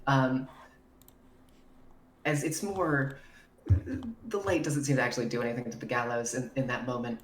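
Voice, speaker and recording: A woman's voice: very deep voice, fairly even intonation, normal speed, pauses often, a little hiss or hum. Echoey woman running a tabletop game. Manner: casual, swears freely, many fillers. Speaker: dungeon master. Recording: roomy echo with faint music.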